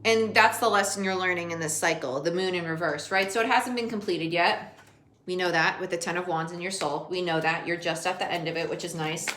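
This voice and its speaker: A woman's voice: fairly low pitch, fairly quick, fairly bright tone. A woman giving a casual tarot reading, talking straight to the viewer in a chatty way and often laughing. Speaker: tarot reader. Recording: echoey room with faint noise.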